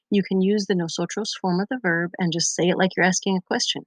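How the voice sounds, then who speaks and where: A woman's voice: mid-range voice, brisk, no echo. A Spanish teacher, a young woman, patiently explaining grammar step by step over her slides in a recorded lesson. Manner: patient, methodical explaining with examples.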